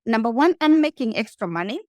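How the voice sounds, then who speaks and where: A woman's voice: on the high side, expressive, fairly quick, darkish tone, no echo, highs cut off. A woman with a Kenyan accent, a guest speaking emphatically in a casual interview and addressing the listener directly. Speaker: guest, rideshare entrepreneur.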